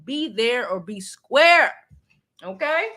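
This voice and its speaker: A woman's voice: on the high side, big pitch swings, slow pace, sharp tone. A middle-aged woman hosting a live stream, chatting casually and animatedly with frequent fillers and restarts. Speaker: channel host.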